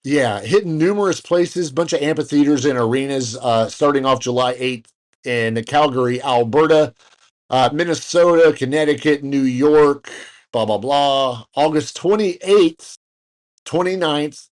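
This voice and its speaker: A man's voice: fairly high pitch, measured pace. A man co-hosting a casual podcast, rambling through news with fillers, restarts and jokey asides. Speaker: podcast co-host. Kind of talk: casual chat.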